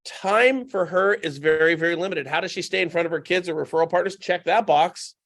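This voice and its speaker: A man's voice: a little high, a little fast. A man talking as a podcast guest in casual conversation, telling stories with animation and repeating points for emphasis. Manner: animated anecdotal storytelling.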